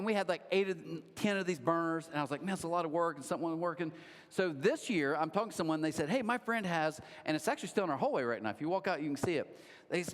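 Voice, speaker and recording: A man with a fairly high voice preaches a sermon in a casual, storytelling way, throwing in lively asides. His voice carries a long reverb from a large church auditorium. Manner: conversational storytelling, animated asides. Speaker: pastor.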